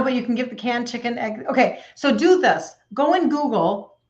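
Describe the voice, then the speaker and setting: A woman's voice: a little high, animated, moderate pace, a little mellow, muffled recording. A woman in her fifties, a health coach chatting casually on a live stream and reading out viewer comments, with lots of fillers. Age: 50s.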